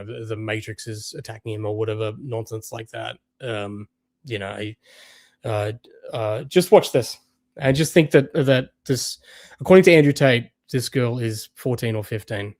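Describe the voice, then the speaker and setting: A man's voice: medium pitch, a little mellow, dry recording, clean studio sound. A man hosting a livestream, talking casually with many fillers and restarts. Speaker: host.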